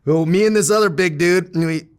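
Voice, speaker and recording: A man's voice: high-pitched, a little fast, a little mellow, smooth. A man from San Diego in his thirties, a guest telling candid, profane stories in casual conversation with frequent laughs. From San Diego, United States. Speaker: interview guest. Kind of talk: casual storytelling.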